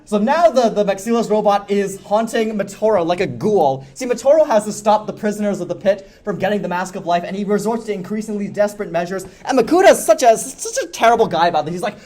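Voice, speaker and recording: A man speaking at a convention panel, enthusiastically explaining a story's lore with quick jokes. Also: high-pitched, animated, a little mellow. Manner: fast, enthusiastic, self-deprecating jokes. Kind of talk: energetic lore explainer talk.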